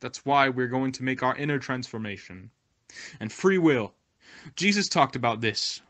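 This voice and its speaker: Male voice, mid pitch, for a devotional talk; sincere, moralizing delivery. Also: moderate pace, fairly bright tone. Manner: earnest, exhorting, moralizing. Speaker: volunteer translator and narrator of a spiritual message. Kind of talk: devotional talk, read translation.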